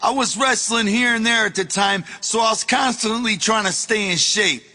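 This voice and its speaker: Man narrating his own memoir, loose and cussing, piercingly bright tone, faint music under a roomy echo. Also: sits high, normal speed. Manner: casual, profane, storytelling, bursts into shouting. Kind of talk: audiobook memoir reading.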